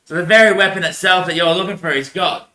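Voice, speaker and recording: A man's voice: high-pitched, fast talker, bright, forceful tone, echoey room. A man in a rambling monologue, repeating himself, swearing and laughing often.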